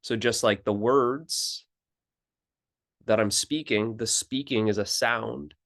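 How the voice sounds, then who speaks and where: A man as a spiritual teacher, calmly explaining in an unhurried contemplative talk, pausing and restarting phrases. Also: lowish voice, gravelly.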